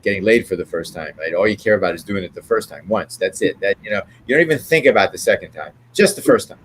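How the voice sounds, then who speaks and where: Older man, low voice, loose anecdotal guest who keeps asking "right?". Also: lively intonation, quick pace, slight background noise. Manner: rambling, tags remarks with "right?". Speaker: interview guest. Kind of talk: anecdotal storytelling.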